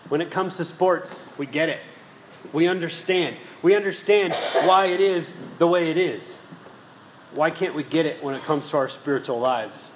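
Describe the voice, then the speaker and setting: Male pastor, storytelling sermon voice, slightly raised pitch, roomy hall with faint background hum. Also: normal speed. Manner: storytelling, rhetorical questions to the congregation. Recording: echoey hall with faint ambience.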